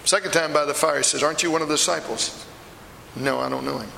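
A remorseful apostle , played by a man recounts his story first person in a stage monologue, his gravelly voice pushing hard with a slightly high pitch. The sound rings through a reverberant hall with a long tail. Faint room noise hums behind him. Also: fairly even intonation, fast, pushed and bright, heavily acted. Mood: earnest. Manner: intense storytelling, swells to anguished outbursts. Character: remorseful apostle, a middle-aged fisherman telling his story.

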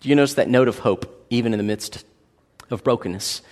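A man in his thirties preaching a sermon as a pastor, animated and joking as he tells a family story. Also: mid-range voice, a little fast. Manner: animated, joking, acts out voices in anecdotes. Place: church hall. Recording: long hall reverb.

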